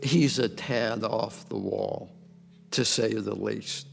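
An older man telling his personal testimony in a slow, reflective way over soft music. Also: fairly low pitch, vocal fry. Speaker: church member giving testimony. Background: soft instrumental music.

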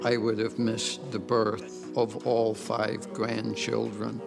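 An older man telling his personal testimony in a slow, reflective way over soft music. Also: fairly low pitch, monotone, gravelly. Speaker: church member giving testimony. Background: soft instrumental music.

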